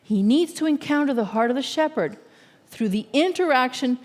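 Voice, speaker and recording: Woman preaching, earnest, slightly high pitched, lots of hall echo around her. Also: expressive. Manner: earnest, measured, often checks in with listeners. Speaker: guest speaker. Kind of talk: sermon. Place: church sanctuary.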